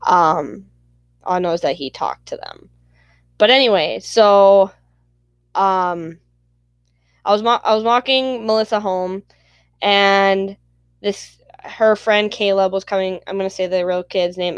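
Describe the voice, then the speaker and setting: A woman's voice: mid-range voice, smooth, no echo. Foul-mouthed woman ranting through a story. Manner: rambling, profane, heated retelling. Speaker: channel host. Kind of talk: casual storytelling vlog.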